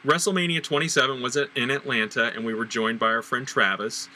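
A middle-aged man hosting a podcast, casually recalling past events with fillers and pauses. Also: medium pitch, slight background noise, poor audio. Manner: relaxed, recalling details with fillers. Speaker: podcast host.

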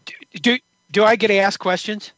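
High-voiced man on a dull lo-fi line. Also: steady tone, fairly quick, fairly bright tone, no echo. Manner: dry teasing humor. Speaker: podcast co-host. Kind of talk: casual chat.

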